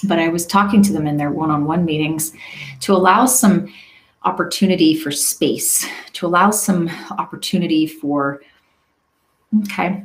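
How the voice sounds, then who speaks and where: A woman with a fairly low voice gives a relaxed solo talk as a coach. She speaks reflectively and conversationally, asking the listener questions and often checking in with "right?" along the way. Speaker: leadership and career coach.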